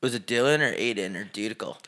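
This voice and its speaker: A young man co-hosting a casual podcast, joking around, swearing and breaking into squeaky put-on voices. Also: fast, a bit bright. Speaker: podcast co-host.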